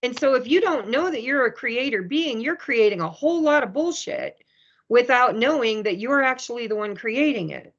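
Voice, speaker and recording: A woman chatting casually about spirituality, telling stories with lively energy and acting out other people's words. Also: on the high side, normal speed. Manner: animated, storytelling, acts out quoted people. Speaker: spiritual speaker. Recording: dull lo-fi sound.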